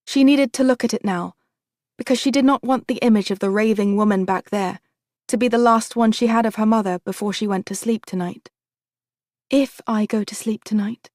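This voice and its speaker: A woman narrating an audiobook in a steady, even storytelling manner. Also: fairly high pitch, no echo, clean studio sound. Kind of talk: scripted narration.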